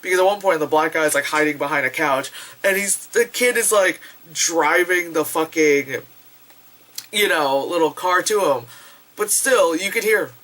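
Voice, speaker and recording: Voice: medium pitch, moderate pace, a bit bright. A young adult rambling through a casual movie review vlog, packed with fillers and swearing. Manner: rambling, filler-heavy, profane.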